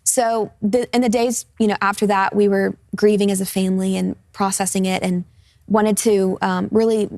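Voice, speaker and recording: Gravelly young woman sharing a testimony. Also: mid-range voice, flat delivery, moderate pace, a little mellow, dry recording, clean studio sound. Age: 20s. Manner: earnest, casual, with frequent fillers. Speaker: guest. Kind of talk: personal testimony in a studio interview.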